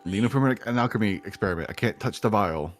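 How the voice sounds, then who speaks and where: A man's voice: lowish voice, lively intonation, fast, faint music behind. A man playing in a tabletop game, explaining his character's actions in a matter-of-fact way. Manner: matter-of-fact, chuckles between lines. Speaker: player. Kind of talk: casual tabletop play.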